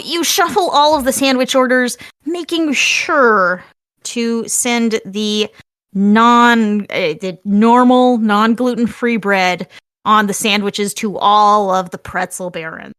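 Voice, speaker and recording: A woman's voice: on the high side, takes it slowly, fairly bright tone, dry recording, clean studio sound. A woman running a tabletop game as game master, laying out options step by step in an upbeat way.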